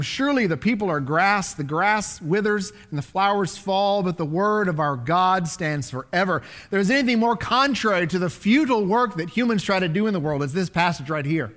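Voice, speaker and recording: Reading scripture and unpacking its meaning, a high-voiced pastor preaches with drama, his delivery shifting between booming proclamations and almost-whispered moments.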